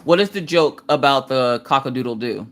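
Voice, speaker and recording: A woman, chatting casually and joking on a crafting live stream while she works. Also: moderate pace. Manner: joking, self-deprecating, jumps into high squeaky voices to greet viewers. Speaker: livestream host doing diamond painting.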